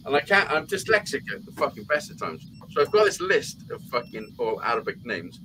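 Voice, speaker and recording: A man spinning long, rambling stories on a live chat show, cursing in nearly every sentence. His voice sits at an ordinary pitch, with faint noise behind it. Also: very animated, fairly quick. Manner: swears constantly, rambling anecdotes. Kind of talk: casual profane storytelling.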